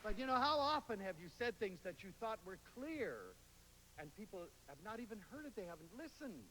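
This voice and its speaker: A man giving a lively lecture to an audience, telling stories and slipping into playful voices when he quotes people. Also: high-pitched, a little fast. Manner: animated storyteller, quotes others in playful voices. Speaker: public speaker. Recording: hall reverb, faint hiss.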